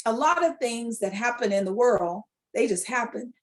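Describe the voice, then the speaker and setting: Lively, sentimental woman telling a story. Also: fairly high pitch, normal speed. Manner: animated storyteller, acts out quotes. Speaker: co-host. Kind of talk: casual chat.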